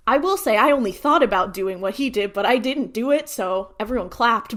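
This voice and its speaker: Woman, podcast co-host, casual recap, acts out lines, lively delivery. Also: mid-range voice, moderate pace. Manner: animated retelling, acts out character lines.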